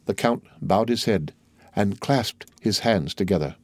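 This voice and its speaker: A man narrating a classic novel in a measured, steady reading. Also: fairly low pitch, dry recording, clean studio sound. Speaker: audiobook narrator. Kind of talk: scripted narration.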